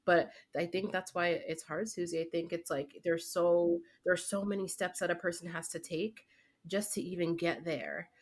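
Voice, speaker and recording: A woman's voice: on the low side, moderate pace. Chatty woman saying "like" a lot. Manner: animated, heavy fillers like "like" and "right?". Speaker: guest, teacher. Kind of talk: casual conversation.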